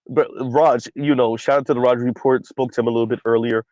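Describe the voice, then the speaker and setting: A man hosts a casual commentary stream, reading viewer comments aloud and talking in a loose, conversational way. He keeps checking in with "right?" and has a slight dry cough. His voice sits at a middle pitch and is picked up close and dry, with no room echo. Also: steady tone, fairly quick, darkish tone. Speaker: commentary channel host.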